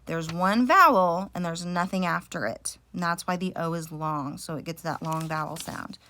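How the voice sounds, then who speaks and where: Bright-voiced woman teacher, patient explaining. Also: on the low side, normal speed, slight background noise. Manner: patient, explains step by step with frequent um fillers. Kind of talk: recorded reading mini lesson for parents.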